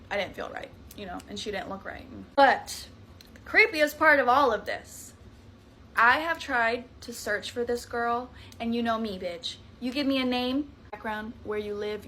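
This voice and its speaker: A woman in her thirties with a Southern US accent, telling a scary story in a casual, animated way, swearing freely and adding dramatic asides. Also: medium pitch, a little hiss or hum.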